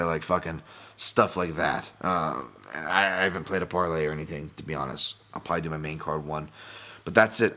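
A man's voice: low voice, sharp tone. A man hosting a solo podcast, talking casually and rambling, with frequent swearing and self-interruptions. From Boston. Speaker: podcast host.

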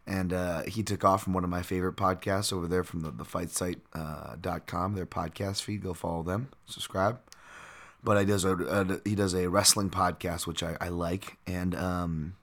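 Guy with a deep raspy voice hosting his podcast, kinda rambly, lots of ums. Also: steady tone, moderate pace, a bit bright. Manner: rambling, with frequent fillers and self-corrections. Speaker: podcast host. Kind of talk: casual podcast monologue.

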